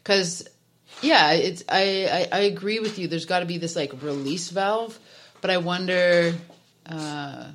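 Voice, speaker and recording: A woman with a lowish voice who talks in a loose, chatty way full of fillers. She steers the conversation with curious questions, and her speech stays casual throughout. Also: a little slow, a bit bright, a little hiss or hum. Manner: chatty, lots of "like", probing questions. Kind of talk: casual chat.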